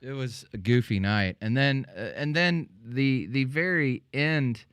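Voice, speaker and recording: A man's voice: medium pitch, unhurried, fairly bright tone, clear, resonant tone, no room sound. A man hosting a podcast, telling casual rambling anecdotes full of fillers and restarts. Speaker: podcast host. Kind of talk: casual chat, storytelling.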